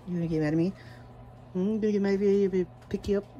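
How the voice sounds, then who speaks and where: Fast-talking rambling woman vlogger. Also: on the low side, a little hiss or hum. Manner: excitable, rambling, chatty with pets. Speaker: daily vlogger. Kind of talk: casual rambling vlog chat. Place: at home, yard and indoors.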